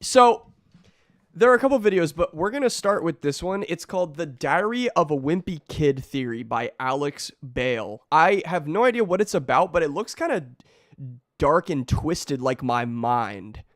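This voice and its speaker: A hoarse young man chatting casually to a livestream audience, rambling and slangy, his voice nearly worn out. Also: on the high side, expressive, normal speed, no echo, clean studio sound. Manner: rambling, slangy, self-interrupting. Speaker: streamer.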